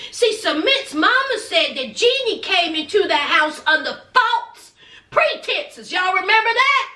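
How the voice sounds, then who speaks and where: Sassy, high-voiced, drawling woman vlogger. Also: pushed and bright. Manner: sassy, drawling, with many asides to the audience. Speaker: reality TV recap vlogger. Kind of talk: casual gossip recap. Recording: echoey room.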